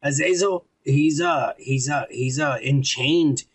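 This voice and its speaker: Gravelly, profane podcast co-host. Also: male voice, fairly high pitch, slow. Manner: profane, rowdy, laughing, animated when reading comments. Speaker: podcast co-host reading viewer comments. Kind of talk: casual drinking podcast chat.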